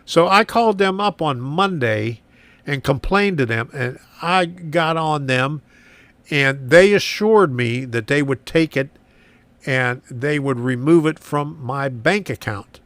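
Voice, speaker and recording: A man hosting a live stream from his garage, rambling and complaining, repeating himself, slightly hoarse and clearing his throat. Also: a little high, animated, slow pace, a bit bright, no room sound. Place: home garage workshop.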